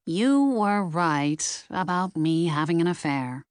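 A woman's voice: on the low side, lively intonation, slow, clear, resonant tone, dry recording, studio quality. A woman voicing a defensive, flustered woman who has been caught having an affair.

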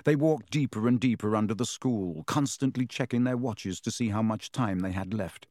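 A man narrating a story in a steady, measured reading voice on a close mic. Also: fairly low pitch, no room sound. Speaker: audiobook narrator. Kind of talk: scripted narration.

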